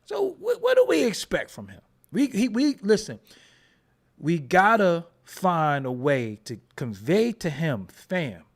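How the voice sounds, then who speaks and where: A man hosting a casual commentary show, joking and riffing in slangy with frequent laughs. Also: high-pitched. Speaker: host.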